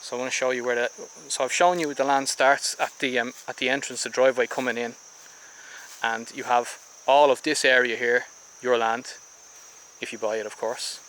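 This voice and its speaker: On a rough recording with slight background noise, an Irish vlogger casually leads viewers through a house for sale on a tropical island, room by room, with ums and restarts. His delivery is flat and moderately paced, his mid-range voice a bit bright.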